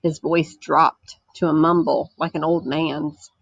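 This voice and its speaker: A woman teacher reading a chapter book aloud to her class, gentle and explanatory, stopping to ask the children questions. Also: sits low, level tone, slow, vocal fry, husky, no echo, muffled recording.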